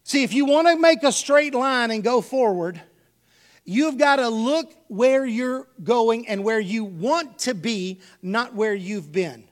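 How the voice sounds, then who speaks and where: A man's voice: extremely high pitch, animated, slow. A man from Texas, preaching a sermon full of folksy personal stories and calling his congregation y'all.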